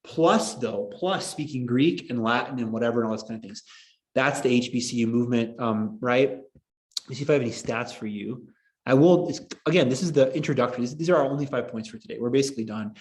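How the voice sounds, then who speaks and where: A young man teaching a casual online history class, rambling and excitable, often laughing at his own jokes. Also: medium pitch, fairly quick.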